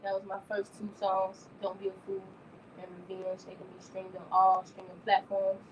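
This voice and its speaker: A woman's voice: mid-range voice, normal speed, highs cut off, noisy background. A woman rapper talking between songs at a streamed festival show, energetically hyping up her audience. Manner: energetic, hypes the crowd, shouts call-outs. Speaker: rapper performing at a digital festival. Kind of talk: live performance banter with a streaming audience.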